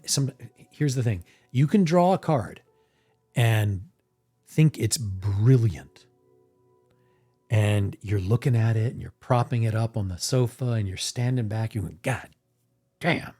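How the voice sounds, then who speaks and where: A man talking casually on a live stream about making his tarot deck, rambling and animated, restarting his sentences as he goes. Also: fairly low pitch. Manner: rambling and animated, acting out his own reactions.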